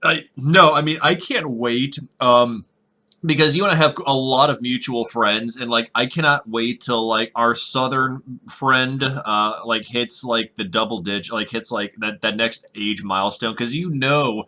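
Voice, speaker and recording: A middle-aged man hosts a relaxed podcast with a bright, forward tone. He talks in an animated way, leans on filler words and keeps a loose, chatty flow. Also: mid-range voice, measured pace. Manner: animated, laughing, uses many fillers. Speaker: podcast host. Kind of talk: casual chat.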